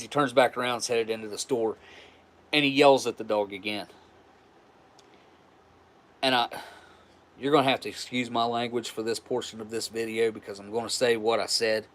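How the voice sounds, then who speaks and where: A man's voice: medium pitch, fairly even intonation, normal speed, long pauses, a bit bright, a little hiss or hum. A man hosting a live stream, telling a story in a frank, rambling way with profanity and frequent restarts. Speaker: livestream host.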